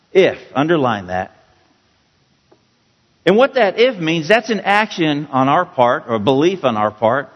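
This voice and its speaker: Man teaching scripture, emphatic and deliberate. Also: on the high side. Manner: slow, emphatic, repeats key words. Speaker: pastor. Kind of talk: verse-by-verse Bible teaching. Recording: dull, roomy hall sound.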